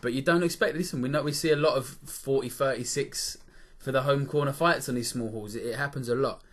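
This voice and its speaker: A man's voice: mid-range voice, brisk. A man co-hosting a podcast, telling stories in casual chat with a rambling, swearing manner. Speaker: podcast co-host.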